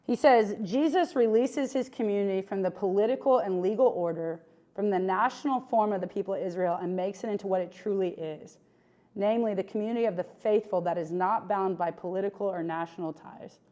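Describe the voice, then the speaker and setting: A woman giving a relaxed, conversational sermon at a middle pitch. She talks in a chatty, animated way, full of fillers and quick asides to the people listening. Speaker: preacher.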